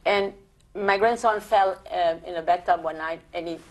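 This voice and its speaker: An older woman from Italy with an Italian accent, telling her life stories in an oral history interview, animated and full of restarts. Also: lowish voice, moderate pace. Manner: animated storytelling with many restarts.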